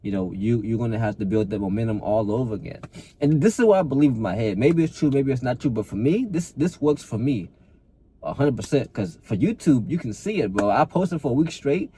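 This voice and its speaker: A man's voice: mid-range voice, animated, fairly quick, mellow, a little hiss or hum. A man, a fitness coach, giving a blunt, profane, repetitive motivational talk to camera and calling the listener bro.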